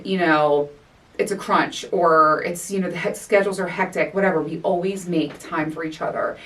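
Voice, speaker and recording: A woman's voice: fairly low pitch, distant mic. A woman in her forties hosting her own podcast, talking candidly in a casual chat, laughing often and swearing freely. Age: 40s. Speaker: podcast host. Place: home recording space.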